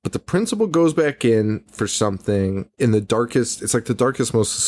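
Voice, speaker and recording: A young man co-hosting a podcast, recapping a movie in casual chat, animated and profane, laughing often and acting out quotes. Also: mid-range voice, moderate pace. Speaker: podcast co-host.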